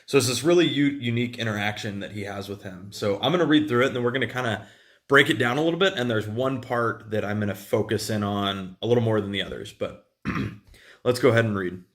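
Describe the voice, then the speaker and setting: Male preacher, easygoing church sermon, slightly low voice, rambly. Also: a little fast, a bit bright. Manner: conversational, lots of fillers and restarts. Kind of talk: casual sermon.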